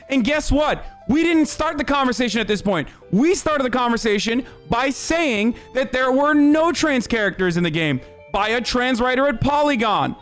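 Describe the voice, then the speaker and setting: A young man rants at his livestream chat in a very high, strained voice, swearing constantly and breaking into shouts. Faint music plays behind him. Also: lively intonation. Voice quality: profane, fast, shouting in bursts. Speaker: streamer. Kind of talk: heated livestream rant.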